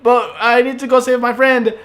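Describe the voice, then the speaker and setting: A man voicing an excitable young male pirate captain, crying with joy and exclaiming loudly in a raised voice. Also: moderate pace. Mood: tearful joy. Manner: high, loud, overwrought exclamations.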